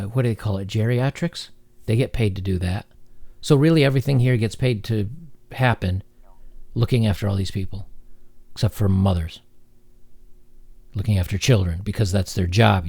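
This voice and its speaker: A man hosting a commentary video, reading an article aloud and mocking it sarcastically, with halting fillers. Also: lowish voice, vocal fry, warm tone, no echo. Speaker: commentary channel host.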